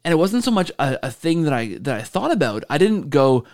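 A man hosting a podcast, telling a story in a casual, animated way and checking in with a frequent "right?". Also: mid-range voice, fairly quick, gravelly. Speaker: podcast host.

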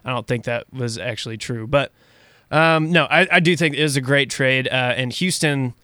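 A man's voice: medium pitch, normal speed, bright, forceful tone, smooth, dry recording, studio quality. A man co-hosting a casual sports show, opinionated and prone to repeating himself.

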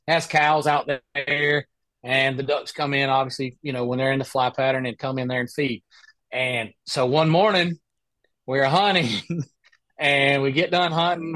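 A professional golfer appears as a podcast guest, telling casual stories in a slightly high voice on a dry recording. He's an animated storyteller who acts out the other people in his anecdotes.

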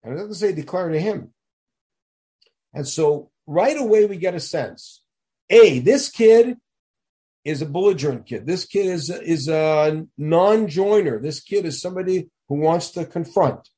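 A man teaching a text study lesson, explaining and questioning in an emphatic, animated way. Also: on the high side, measured pace, husky. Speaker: Torah teacher.

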